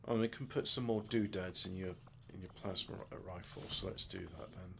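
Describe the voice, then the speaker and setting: A man's voice: sits low, steady tone, fairly quick, vocal fry, a bit bright, a little hiss or hum. A man muttering his way through a game in casual let's play commentary, with crude offhand jokes. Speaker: gamer.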